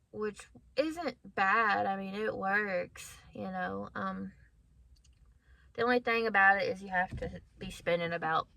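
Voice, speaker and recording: Candid and chatty, a thirty-something female vlogger casually tells her viewers a personal story, laughing a lot and calling them "guys." Her voice is mid-range and a bit bright, with no echo on the recording.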